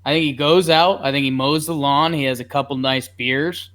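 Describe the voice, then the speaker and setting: A man's voice: a little high, steady tone, normal speed, fairly bright tone. A man co-hosting a podcast in casual chat, rambling and joking about his listeners. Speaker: podcast co-host.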